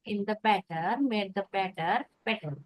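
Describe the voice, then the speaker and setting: A woman student, quietly repeating words after her teacher. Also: medium pitch, normal speed. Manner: quiet, echoes the teacher word by word. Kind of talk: repeating pronunciation drills.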